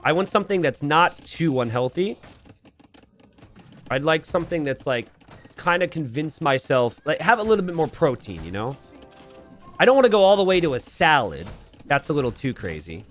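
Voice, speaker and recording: A man's voice: a little high, sing-song, normal speed, pauses often, soft background music. A man streaming live game commentary from his home setup, rambling into self-deprecating jokes and asides. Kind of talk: live game commentary mixed with casual chat.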